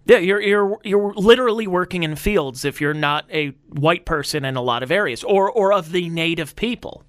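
A man with a somewhat high voice hosts a casual political podcast. He talks in an animated way and stumbles over repeated words as he starts his sentences. The sound is dry and close, with no room echo. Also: moderate pace. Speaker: podcast host.

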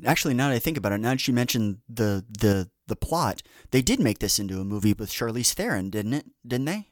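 A man's voice: mid-range voice, big pitch swings, fairly quick, no echo, clean studio sound. A man hosting a podcast in casual chat, rambling through tangents with lots of fillers and restarts. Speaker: podcast host.

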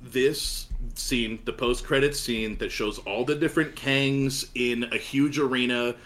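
A man hosting a casual podcast chat, talking in an excited, gushing way. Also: mid-range voice, unhurried, a little hiss or hum. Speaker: podcast host.

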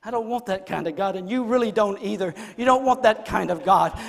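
A high-pitched male preacher delivering a sermon with dramatic swings in volume. He drops to near-whispers, then builds to fervent shouts. His voice carries a long reverb, as if he is recorded in a large hall. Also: fairly quick, creaky, hardly any pauses.

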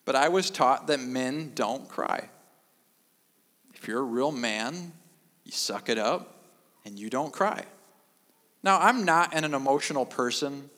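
Middle-aged male pastor, dry deadpan delivery, repeats key lines for emphasis, mid-pitched voice, sermon echoing through a long-reverb hall. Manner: deadpan, self-mocking humor with emphatic repetition.

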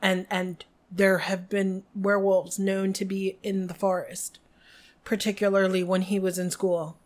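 A woman co-hosting a podcast, recapping a book in an animated, giggly casual chat. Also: mid-range voice, unhurried. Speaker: podcast co-host.

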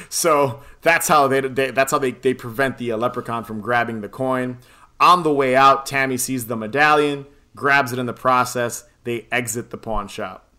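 A man's voice: mid-range voice, moderate pace, pushed and bright. A man casually recapping a film plot on a podcast, rambling, swearing and laughing often. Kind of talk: casual chat.

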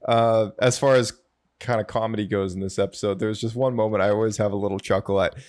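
A man's voice: lowish voice, fairly even intonation, fast, a little mellow. A man in a casual discussion, speaking chattily with frequent "like" and repeated words. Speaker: podcast co-host.

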